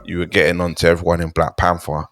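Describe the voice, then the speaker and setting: A man co-hosting a film review podcast, calm and measured, often restarting his words. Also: low-pitched, crowd noise. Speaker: podcast co-host. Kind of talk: casual film review chat.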